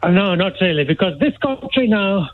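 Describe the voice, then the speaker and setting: A male radio phone-in caller, excitable and insistent, who keeps repeating himself. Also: high-pitched, normal speed. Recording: tinny phone line.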